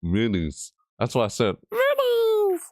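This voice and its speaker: A man rambling and giggling through a game video commentary at his computer, breaking into loud whoops and screams. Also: low voice, expressive, unhurried, no echo. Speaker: gaming video creator. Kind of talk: rambling commentary over a game event overview.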